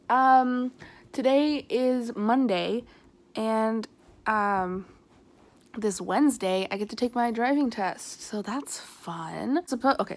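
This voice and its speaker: A teenage girl chatting on her phone in her bedroom, rambling and self-conscious as she shows her room. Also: medium pitch. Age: teens. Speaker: vlogger. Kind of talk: casual chat. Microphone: handheld phone.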